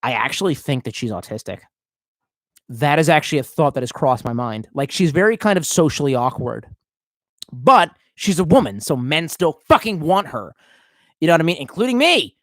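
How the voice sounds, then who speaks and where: A man's voice: on the high side, very animated, moderate pace, fairly bright tone, no echo. A tipsy man streaming live, reading out chat and rambling in a profane, off-the-cuff way. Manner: profane, rambling, swerving between mumbles and outbursts.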